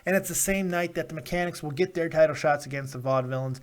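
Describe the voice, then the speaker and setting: A man hosting a live wrestling review stream, talking in an excitable, rambling way and laughing often. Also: fairly high pitch, fast, hardly any pauses. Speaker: host of a wrestling review show.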